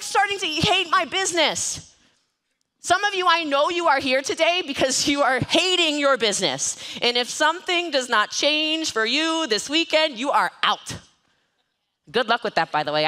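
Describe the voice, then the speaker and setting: A woman giving an energetic, joking motivational talk on network marketing from an event stage, often mocking herself. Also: fairly high pitch. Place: event stage with live and online audience.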